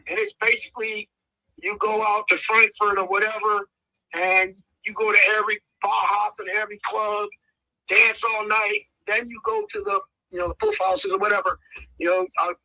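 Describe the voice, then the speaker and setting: Speaking at normal speed in a high voice, a 50-something American guest on a podcast tells casual stories, animatedly imitating the people in them. The recording is dry and rough.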